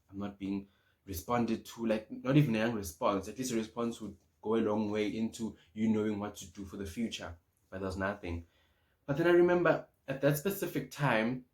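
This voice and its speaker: Lively young man telling his story. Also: fairly low pitch. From Swaziland. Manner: animated, acts out his own past thoughts. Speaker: YouTuber. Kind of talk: casual storytelling to camera.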